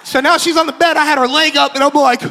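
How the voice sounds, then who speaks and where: Animated high-voiced man preaching in a hall. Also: quick pace, a little hiss or hum. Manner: animated, acts out quotes, laughs often. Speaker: pastor. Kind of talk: storytelling sermon.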